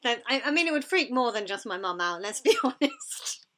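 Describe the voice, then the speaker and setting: A woman's voice: on the high side, big pitch swings, a little fast, fairly bright tone. A woman, co-hosting a podcast in giggly, self-deprecating casual chat. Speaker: podcast co-host.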